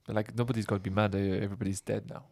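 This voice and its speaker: A man's voice: fairly low pitch, little pitch movement, racing, darkish tone. A man co-hosting a podcast, teasing his friend in a laid-back casual chat. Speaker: podcast co-host.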